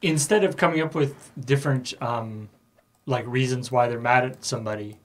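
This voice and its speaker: A man's voice: mid-range voice, normal speed. A man in a casual writers' brainstorm, thoughtful and hesitant, putting ideas as questions.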